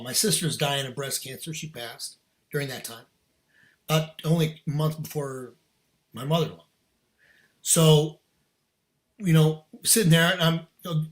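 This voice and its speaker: A middle-aged man, a podcast guest, telling a personal story in casual, earnest, emphatic talk with slang. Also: on the high side.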